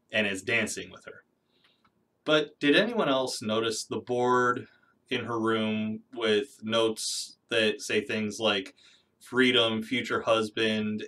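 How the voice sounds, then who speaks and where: A man's voice: on the low side, bright, forceful tone, far from the mic. A man giving critical, skeptical commentary in a reaction video.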